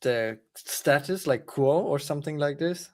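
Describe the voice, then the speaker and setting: Man speaking haltingly as a coding beginner. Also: fairly high pitch, a little mellow. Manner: hesitant, halting speech. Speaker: beginner learning to code. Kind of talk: casual screen-share chat.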